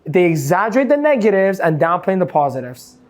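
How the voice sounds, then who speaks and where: A man giving an energetic motivational seminar talk, quizzing a live audience with "yes or no?" and playing out examples. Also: high voice, brisk. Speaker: motivational coach.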